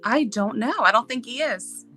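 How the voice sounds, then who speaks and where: A woman guest chatting over her phone, expressive and self-deprecating. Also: a little high, normal speed, faint music behind. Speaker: guest player. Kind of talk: casual chat.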